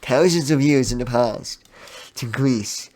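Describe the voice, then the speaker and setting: A man's voice: mid-range voice, a little mellow. A man co-hosting a podcast, chatting casually about films. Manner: chatty, brisk, mock-imitates people. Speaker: podcast co-host. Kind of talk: casual film review chat.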